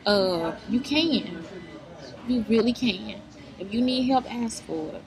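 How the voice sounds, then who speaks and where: A woman's voice: fairly high pitch, animated, slow pace, crowd noise, low-quality recording. A woman giving blunt, profane motivational advice straight to her viewers, in a preachy vlog style. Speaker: vlogger giving life advice.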